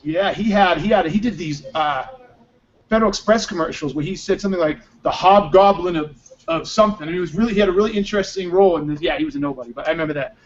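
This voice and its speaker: Male podcast host, upbeat and joking, higher voice, dull audio. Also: fast talker, a little hiss or hum. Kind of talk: casual chat. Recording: muffled lo-fi audio.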